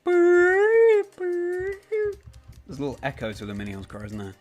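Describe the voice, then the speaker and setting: A man's voice: lowish voice, racing, lo-fi sound, faint music behind. A young man chatting casually on a live stream, rambling and correcting himself as he answers viewers by name.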